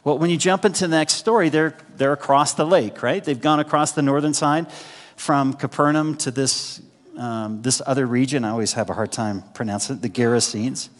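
A man preaching a sermon in a conversational way, often checking in with the congregation with quick asides. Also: mid-range voice. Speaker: pastor. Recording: long hall reverb.

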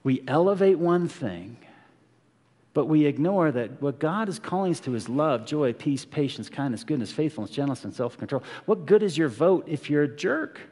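A man's voice: fairly high pitch, animated, normal speed, a little mellow. A man preaching a conversational, earnest sermon as a pastor, often asking the congregation rhetorical questions. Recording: long hall reverb.

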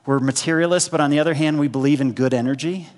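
A man preaching a sermon in a conversational way, often checking in with the congregation with quick asides. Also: on the high side, steady tone, a little mellow. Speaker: pastor. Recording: long hall reverb.

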